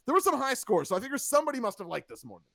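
A man's voice: very high-pitched, big pitch swings, very fast, vocal fry, a bit bright, no room sound, clean studio sound. A man hosting a casual podcast, reviewing wrestling with sarcasm and acting out quotes in funny voices. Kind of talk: casual chat.

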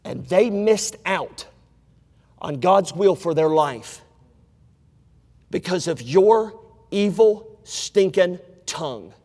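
Male preacher, high voice, emphatic sermon delivery, recorded in a big hall with a long echo tail. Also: expressive, slow pace, long pauses. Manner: emphatic, swings from loud preaching to hushed asides.

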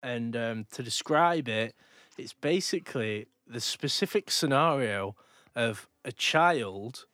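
A man's voice: medium pitch, animated, slow, a bit bright, no room sound. A man in a casual podcast chat, ranting, swearing and laughing a lot.

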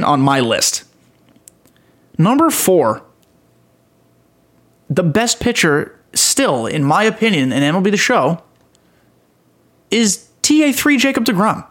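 A man's voice: sits high, very animated, normal speed, long pauses, a bit bright. Rambling, enthusiastic man. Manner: rambling, self-mocking, enthusiastic. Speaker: podcast host. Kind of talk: casual gaming talk.

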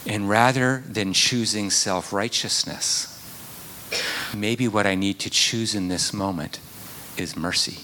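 A man preaching a sermon in an earnest way, at times dropping to a hushed whisper. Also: on the low side, takes it slowly, slight background noise. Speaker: pastor.

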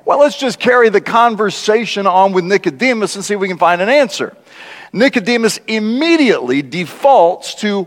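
A man preaching a conversational sermon as a guest speaker, animated and laughing often, acting out the lines he quotes. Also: high-pitched, moderate pace. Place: large church. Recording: church hall with long reverb.

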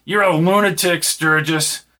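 A man's voice: on the high side, fairly even intonation, unhurried, bright, forceful tone, pitched above the performer's own voice. A man reading as a brutal, barking henchman. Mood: gruff. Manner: barking orders. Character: brutal armed henchman, short-tempered.

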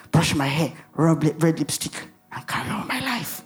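A woman's voice: deep voice, expressive, moderate pace. A woman preaching a sermon in an emphatic way, asking the audience rhetorical questions and laughing at herself.

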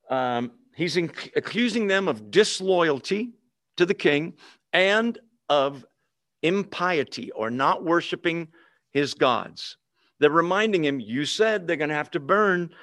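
A man's voice: medium pitch, a bit bright, dry recording, clean studio sound. A man teaching a Bible lesson in a conversational way, often checking in with his listeners.

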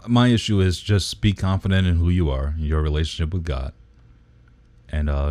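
A man with a remarkably deep, dark voice holds forth in casual podcast chat, emphatic and a little preachy, with curse words thrown in. The sound is dry and close with no room around it. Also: no echo. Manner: emphatic, preachy, sprinkled with swearing.

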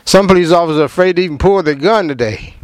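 Briskly and expressively, a man with a fairly high voice holds forth on a rough recording. His commentary is emphatic and preachy, peppered with rhetorical questions aimed at the listener and repeated words once he gets going.

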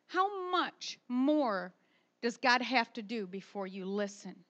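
A middle-aged woman and mother preaching a sermon, emphatic and animated, swinging from soft asides to loud pushes. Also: on the high side, slow, highs cut off.

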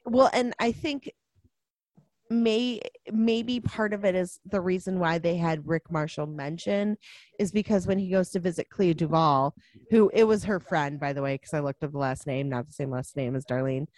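A woman in casual conversation about a film, animated, laughing often and acting out characters' lines. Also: lowish voice, normal speed, no echo. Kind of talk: casual movie discussion.

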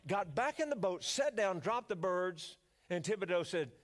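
An older pastor with a Louisiana accent and a voice high for a man preaches in a folksy, joking way. Very animated and a little slow, he addresses the congregation like a storyteller.

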